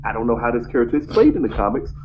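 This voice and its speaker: A podcast co-host talks in a racing, sing-song, mid-range voice during a casual chat reacting to a TV episode. He teases his partner, laughs often and jumps in to interrupt. The lo-fi podcast audio carries faint noise.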